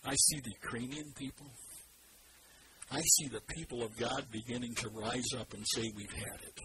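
A man preaching a sermon, animated and drawing the congregation in to repeat verses after him. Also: medium pitch, normal speed, rough recording. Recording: loud background noise.

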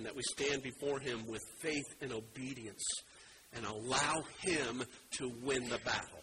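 A male pastor delivering a sermon, his voice on the higher side for a man and pushed hard for emphasis. He drives his points home with loud, dramatic stress. A steady hiss runs under the recording.

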